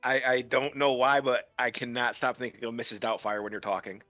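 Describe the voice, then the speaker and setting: A self-deprecating man with a bright, forward tone chatting with his gaming friends. He comes through a dull, dry, lo-fi home mic with faint music behind. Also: medium pitch, steady tone, fairly quick, dry recording. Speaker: player. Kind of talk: casual chat between game sessions.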